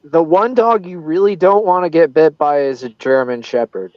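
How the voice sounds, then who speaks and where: A man's voice: fairly high pitch, moderate pace, no echo. A man in casual podcast chat, giving blunt, emphatic advice. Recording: dull, dry lo-fi sound.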